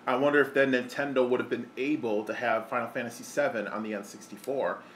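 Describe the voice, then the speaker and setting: A man co-hosting a casual video game podcast, speaking in halting bursts with restarts. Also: mid-range voice, steady tone, a little hiss or hum. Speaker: podcast co-host. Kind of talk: casual chat.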